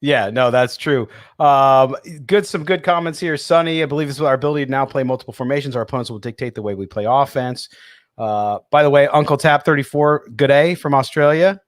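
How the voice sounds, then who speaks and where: A man's voice: medium pitch, brisk, dry recording, studio quality. Man, sports radio co-host, mid-range voice, chatty, fields listener questions. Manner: reads listener comments and answers them. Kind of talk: casual sports radio chat.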